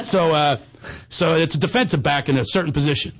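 A middle-aged man hosting a talk show, telling a comic story in an animated, jokey way. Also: a little high, brisk. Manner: animated, jokey storyteller who acts out the voices. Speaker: host.

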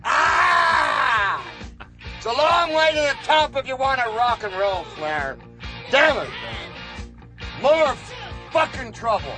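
A man hosting a podcast, telling a story in a profane, animated way. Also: extremely high pitch, slow, raised voice, music in the background. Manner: profane, animated storyteller, does voices for others. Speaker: podcast host. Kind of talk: casual storytelling rant. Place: radio studio.

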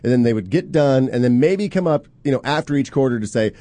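An angry man interrogates his staff and swears nonstop. He talks fast in a dark, mellow voice. The sound is dry and close. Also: medium pitch, animated, no echo. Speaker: boss scolding his staff. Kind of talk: heated live-stream argument.

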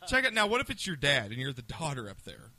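A man's voice: mid-range voice, fast. A man co-hosting a casual show, joking and laughing often as he talks. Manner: laughing often, lively and jokey. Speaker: podcast co-host. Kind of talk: casual banter.

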